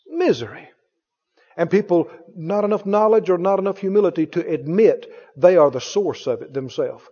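A man's voice: moderate pace, dark tone, husky, big-room sound, highs cut off. A man preaching a sermon with an emphatic, repetitive delivery, firing rhetorical questions at his congregation. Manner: mimics others in a higher voice.

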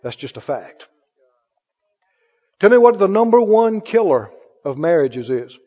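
In a large hall, heard through dull audio, a man delivers a sermon at a measured pace with big swings in pitch. He repeats himself emphatically, peppers the congregation with rhetorical questions, and mimics others by raising his voice higher.

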